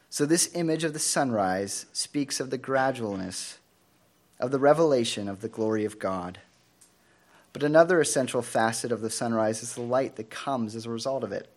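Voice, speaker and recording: A man preaching a sermon in an earnest, measured way, asking the congregation rhetorical questions. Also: medium pitch, a little mellow.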